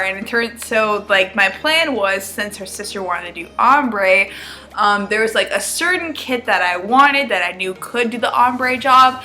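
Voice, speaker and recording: A woman's voice: a little high, bright, forceful tone. A seventeen-year-old girl telling a storytime vlog, rambling, laughing and swearing freely. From Arizona, US. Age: teens. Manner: profane, laughing, fast rambling. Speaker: vlogger.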